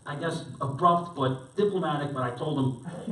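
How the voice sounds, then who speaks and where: In a church hall, a pastor delivers a storytelling sermon, chatting his way through the story with many fillers and false starts. His medium-pitched voice is a bit bright and moderately paced, sounding distant amid the hall's echo.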